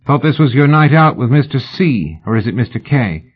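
A man's voice: mid-range voice, very animated, moderate pace, slightly rough, pitched above the performer's own voice. A raucous, chatty young woman, as a man puts her on. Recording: phone-like narrow band.

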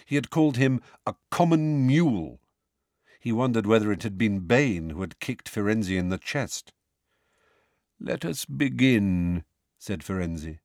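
A man narrating an audiobook with expressive storytelling. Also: on the low side, normal speed, dry recording, studio quality. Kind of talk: scripted narration.

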